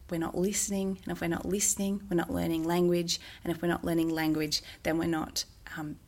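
A woman, a music therapist, explaining in an interview with a gentle manner and bursts of sing-song baby talk. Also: lowish voice, creaky. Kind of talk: interview answers.

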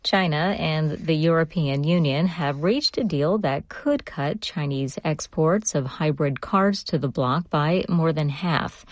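A woman newscaster reading a radio news bulletin from a studio in a steady, measured way. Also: deep voice, no echo.

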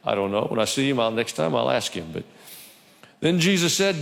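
Gravelly-voiced male pastor preaching in church. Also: medium pitch, lively intonation, fairly quick. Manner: conversational preaching with humorous asides. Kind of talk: sermon. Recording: reverberant church hall.

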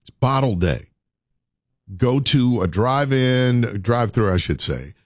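A man's voice: medium pitch, animated, slow pace, no room sound. A man hosting a radio show, urging listeners with preacher-like repetition. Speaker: radio host. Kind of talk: morning radio talk.

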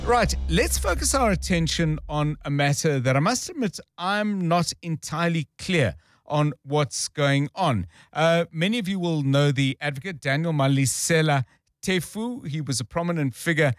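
A man's voice: a little high, lively intonation, normal speed, dry recording, clean studio sound. A man hosting a live talk radio show, taking calls and explaining the news in a conversational way. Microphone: studio microphone.

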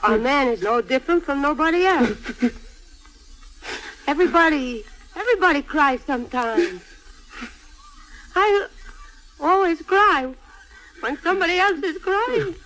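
Fiery widow. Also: female voice, sits high, animated, unhurried, pauses often, fairly bright tone, a little hiss or hum, low-quality recording. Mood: scolding. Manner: blunt, emotional, broken English. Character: fiery Italian immigrant widow, seamstress.

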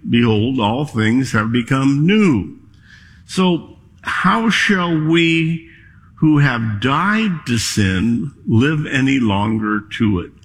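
Male pastor, sermon, slow deliberate pace, husky voice, long hall reverb, church sanctuary. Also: mid-range voice. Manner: measured, emphatic preaching.

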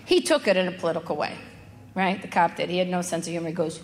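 A woman's voice: fairly low pitch, steady tone, quick pace. A woman doing stand-up comedy, sardonic and acting out a dialogue. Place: comedy club stage. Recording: reverberant club with crowd noise.

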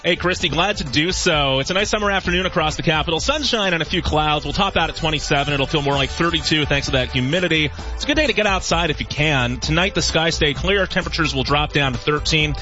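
A man reading weather and traffic reports on the radio in a quick, steady broadcast voice. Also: on the high side. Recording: dull radio broadcast with music bed.

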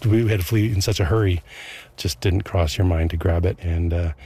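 A man talking outdoors in an interview, reflective and halting. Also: low voice, fairly even intonation, warm tone, breathy edge. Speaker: interviewee, fire victim. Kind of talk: casual interview talk. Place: outdoors among rubble.

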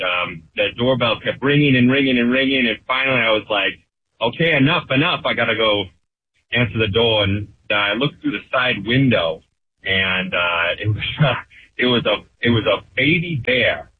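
A man calling into a radio show and telling a story in a halting, amused way. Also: lowish voice. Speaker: caller. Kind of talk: phoned-in storytelling. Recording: phone line.

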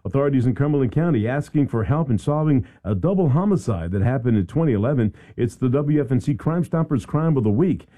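A man's voice: mid-range voice, expressive, quick pace, few pauses, warm tone. A man hosting morning talk radio in a studio, chatty and joking about himself. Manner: jokey, chatty, self-deprecating. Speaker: radio talk show host.

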